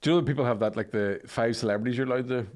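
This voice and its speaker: A man's voice: medium pitch, rapid-fire, darkish tone. A man, a podcast co-host trading crude jokes in casual chat. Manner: joking, crude banter.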